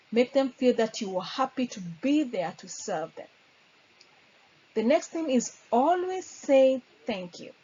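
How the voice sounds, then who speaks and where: A woman's voice: on the high side, darkish tone. Woman teaching customer service, lo-fi. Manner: earnest, acts out sample phone lines. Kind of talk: instructional talk.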